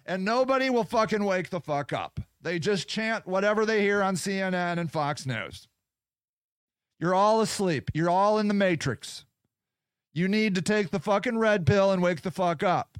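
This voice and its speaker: A man hosting a podcast, delivering a profane, combative political rant that swings between loud jabs and muttered asides. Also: high voice, lively intonation, normal speed, clean tone, no echo, studio quality. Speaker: podcast host.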